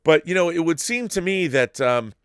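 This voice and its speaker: A man hosting a live-stream show, reading viewer messages and riffing on them in a rambling, animated way with frequent restarts. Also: a little high, normal speed, clear, resonant tone, no echo, clean studio sound. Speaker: show host reading viewer super chats. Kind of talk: casual live-stream commentary.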